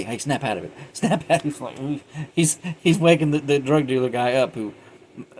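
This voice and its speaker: A man's voice: lowish voice, a little hiss or hum, low-quality recording. A man giving a casual, rambling film review, retelling scenes animatedly and often laughing.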